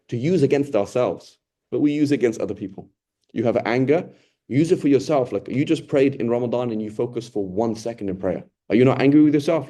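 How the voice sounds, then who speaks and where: A man with a mid-range voice and fairly quick pace teaches a Ramadan Quran lesson conversationally and emphatically. He asks rhetorical questions and acts out what people say in lively voices.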